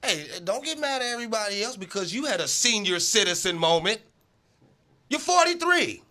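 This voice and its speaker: A man's voice: sits high, quick pace, pushed and bright. A man hosting a casual sports talk show, arguing emphatically and repeating himself for emphasis.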